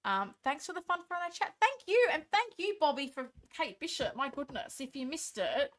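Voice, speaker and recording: A woman's voice: high voice, big pitch swings, normal speed, a bit bright. An Australian woman hosting a casual live stream late at night, tired, reading viewer comments aloud and answering them in a chatty, thankful way.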